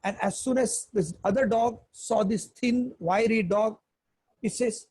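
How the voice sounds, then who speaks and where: A man's voice: sits high, a little slow, a little mellow, husky, rough recording. A man giving a spiritual discourse, teaching earnestly and emphatically through animal fables.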